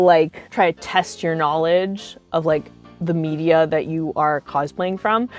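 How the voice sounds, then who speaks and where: A woman in her thirties telling cosplay stories in a casual, chatty way, filling her sentences with "like". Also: fairly low pitch. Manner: chatty, animated, heavy use of filler "like". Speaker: cosplay vlogger. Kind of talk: casual storytime.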